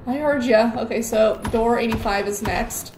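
A woman's voice: fairly high pitch, normal speed. A young woman giving jittery, rambling commentary on a horror game and repeating words in nervous bursts. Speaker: gaming YouTuber. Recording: echoey room with faint noise.

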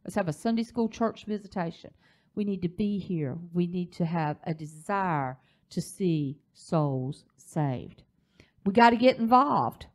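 A woman's voice: lowish voice, lively intonation, measured pace. A woman, the pastor's wife, teaching a church leadership class in a preaching style, telling a story with emphasis.

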